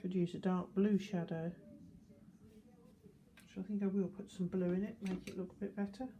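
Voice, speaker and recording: An older woman gives a calm, explanatory watercolour demonstration, talking through each step as she paints. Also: medium pitch, moderate pace, a little hiss or hum. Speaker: art teacher.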